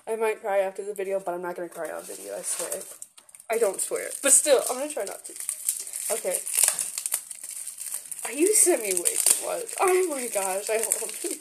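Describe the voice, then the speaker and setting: A young woman unboxing gifts in a vlog, gushing and excitable, gasping and giggling as she talks. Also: mid-range voice, normal speed, creaky, pauses often, slight background noise. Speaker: vlogger opening gifts.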